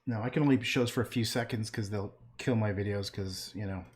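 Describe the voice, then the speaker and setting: A man's voice: fairly low pitch, a little fast, a little mellow. A man painting and chatting casually on a livestream, rambling and trailing off into muttered asides.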